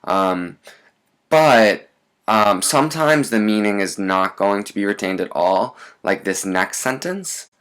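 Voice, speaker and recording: A man's voice: lowish voice, expressive, slow pace, fairly bright tone, clear, resonant tone. A man teaching in a recorded lesson, explaining step by step and often checking in with "right?". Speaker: language teacher.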